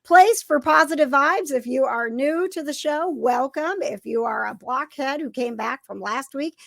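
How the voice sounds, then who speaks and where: An upbeat woman hosts a live chat show, her slightly high voice carrying a gravelly edge. She talks in a rambling, friendly way with plenty of fillers, recorded close and dry. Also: moderate pace, fairly bright tone, dry recording. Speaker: host.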